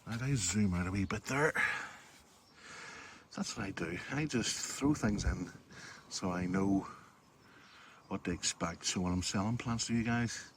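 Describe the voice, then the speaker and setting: A man's voice: fairly low pitch, a little slow, background noise. A man with a Northern Irish accent, chatting casually to viewers as he walks through his garden filming on his phone. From Northern Ireland. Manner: chatty, keeps addressing viewers as folks. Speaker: garden vlogger. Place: outdoors in a garden. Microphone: phone camera held while walking.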